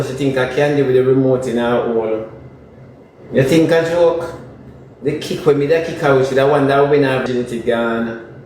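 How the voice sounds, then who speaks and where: A man with a Jamaican accent giving comic commentary on social media gossip, emphatic and ranting, hammering dismissive refrains. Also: fairly high pitch. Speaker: online commentator. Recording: very echoey room, far from mic, faint noise.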